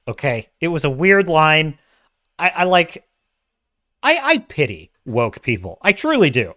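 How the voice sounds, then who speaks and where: A man's voice: a little high, a little slow, dry recording, studio quality. A man hosting a live-stream show, giving a rambling, opinionated movie review and often correcting himself mid-thought. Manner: opinionated and animated. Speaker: podcast host.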